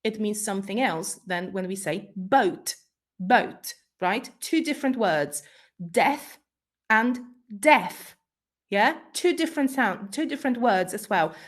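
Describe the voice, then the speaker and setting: A woman's voice: mid-range voice, lively intonation, moderate pace, hardly any pauses. Polish-speaking woman teacher trainer. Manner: explanatory, checks in with frequent "right?". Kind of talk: conference talk on pronunciation.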